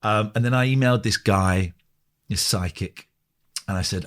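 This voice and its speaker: A man, a radio presenter, telling stories in a casual interview, animated and swearing freely as he acts out what he said. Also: lowish voice, normal speed, long pauses. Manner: animated storyteller who acts out his own quoted lines, swears freely.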